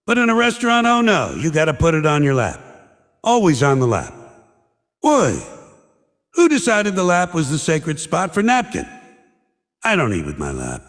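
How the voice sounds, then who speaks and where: A man's voice: on the high side, big-room sound. A man performing a stand-up comedy monologue, ranting in a sarcastic, exasperated way and mocking others in put-on quotes.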